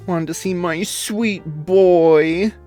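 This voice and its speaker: Guy doing a sweet soft-spoken wife, higher voice, pleading and gentle. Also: very slow, soft background music. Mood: coaxing. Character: sweet-natured wife, gentle and coaxing woman.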